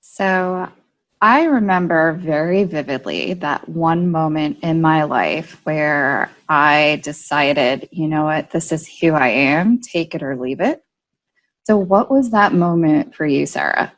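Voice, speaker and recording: A woman hosting a podcast, speaking in a soft-spoken, measured way as she asks her guest a question. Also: deep voice, poor audio. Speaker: podcast host. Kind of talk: conversational interview.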